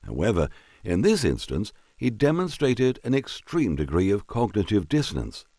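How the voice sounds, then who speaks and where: A man reads a historical biography aloud with measured, expressive storytelling. His voice sits very low but rises and falls freely across phrases. The recording is close and dry. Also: husky, no room sound. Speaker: narrator. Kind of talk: scripted historical narration.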